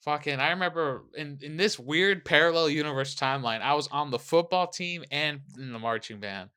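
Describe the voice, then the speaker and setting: A young man co-hosting a casual podcast, telling a profane, animated story at home. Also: on the high side, brisk, clean tone. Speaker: podcast co-host. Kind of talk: casual chat. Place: home room.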